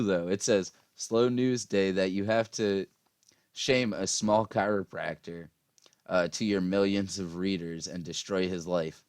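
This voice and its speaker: A man's voice: deep voice, fairly even intonation, unhurried, darkish tone, no echo, studio quality. Tired, profane man ranting. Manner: profane, rambling, frequent fillers and laughs. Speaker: political commentary vlogger. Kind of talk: casual ranting monologue.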